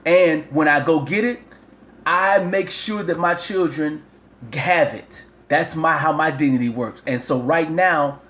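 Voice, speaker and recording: A man's voice: a little high, unhurried, a bit bright. A man, a father and show host, rambling through a comic phone call and repeating himself as he lectures.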